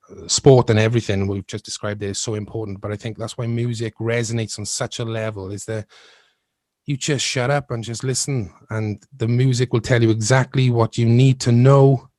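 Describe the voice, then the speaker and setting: A man hosts a podcast of casual chat, musing at length in a thoughtful, rambling way and laughing often. His medium-pitched voice is steady, a little mellow and moderately paced, with a dry recording and clean studio sound.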